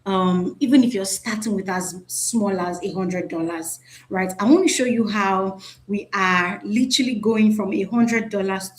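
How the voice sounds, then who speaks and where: A woman teaching a live online class over a video call, chatty and often checking in with "right?". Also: mid-range voice. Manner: chatty, repeats "right?", asks the audience.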